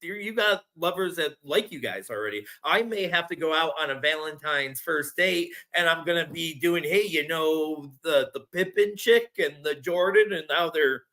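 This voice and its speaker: Joking male podcast co-host, lively swooping pitch, bright tone, casual riffing. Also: moderate pace, hardly any pauses. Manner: joking and animated, laughs often. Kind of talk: casual chat.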